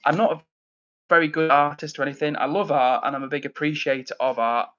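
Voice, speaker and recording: Man, fairly high voice, friendly livestream chatter, muffled lo-fi audio. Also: quick pace. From England, near Manchester. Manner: friendly, upbeat, lots of fillers and shout-outs. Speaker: livestream host reading chat. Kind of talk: casual live chat. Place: indoors at home.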